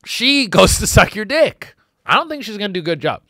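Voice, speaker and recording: A man doing a rambling comedic monologue as host, acting out quick voices as he goes. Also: high voice, no echo, clean studio sound. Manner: rambling, animated, acts out voices.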